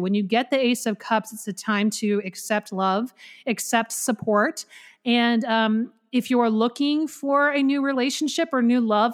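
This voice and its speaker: A woman from the Carolinas with a Southern American accent, co-hosting a witchcraft podcast and chatting earnestly, also giving a gentle tarot reading. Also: a little high. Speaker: podcast co-host. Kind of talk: casual chat and tarot reading.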